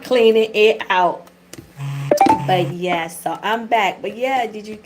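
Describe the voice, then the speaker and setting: Amid very noisy sound, a middle-aged woman running a tarot channel speaks slowly at medium pitch. It's a casual livestream chat with viewers, frank in its swearing and loaded with everyday slang.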